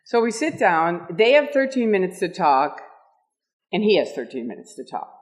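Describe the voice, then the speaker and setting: Woman in her 60s, speaker at a meetup, animated storyteller who laughs often. Pitch swoops widely. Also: normal speed. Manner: lively, laughing, acts out quotes.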